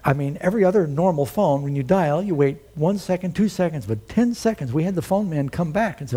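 A man's voice: lively intonation, brisk, hardly any pauses, mellow. A man preaching a sermon, chatting with the congregation between dramatic readings of scripture. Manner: dramatic, reads scripture aloud with big swings in pitch; conversational asides to the congregation. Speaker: pastor.

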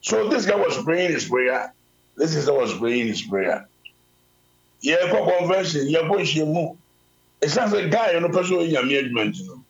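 A man with a Ghanaian accent preaching a sermon, telling a story and mixing Twi with English, swinging between loud calls and low asides. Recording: dull lo-fi sound.

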